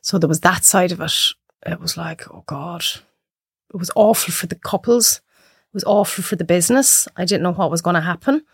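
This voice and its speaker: A woman's voice: lowish voice, moderate pace, slightly rough, no room sound, clean studio sound. An Irish woman in her thirties, a podcast guest, telling stories and acting out the voices of people she quotes. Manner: animated storyteller acting out quotes. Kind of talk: casual chat.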